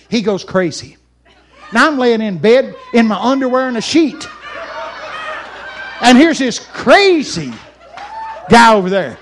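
Lively high-voiced preacher telling a story. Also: male voice, a little slow. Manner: animated, shouting at peaks, laughing. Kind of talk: storytelling sermon. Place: church camp meeting.

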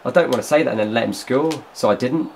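A young man giving excited, chatty commentary over his own football video game match, often bursting into shouts. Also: mid-range voice, quick pace, gravelly. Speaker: gaming YouTuber. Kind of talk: excited live gameplay commentary.

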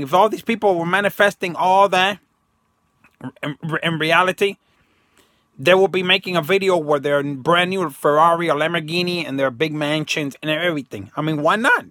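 A man's voice: high voice, pushed and bright, no room sound, clean studio sound. A man talking casually and emphatically to his viewers in a rambling monologue, slipping into slang and acting out quotes. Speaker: self-help video host.

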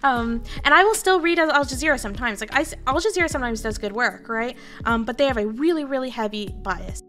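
A woman's voice: sits high, quick pace, pushed and bright, soft background music. A Canadian woman streamer talking casually to her viewers, candid and rambling, swearing freely. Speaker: VTuber streamer.

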